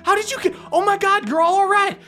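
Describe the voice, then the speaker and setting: A man's voice: extremely high pitch, brisk, pushed and bright, soft background music, pitched above the performer's own voice. A man doing a flustered, folksy mom. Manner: fussy and folksy. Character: flustered homey mother, a hobbit woman. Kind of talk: tabletop role-play voicing.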